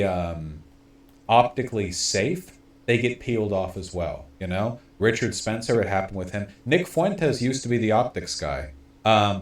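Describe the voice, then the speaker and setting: A man's voice: fairly low pitch, reverberant. A man streaming political commentary, rambling and sardonic, with many fillers and restarts.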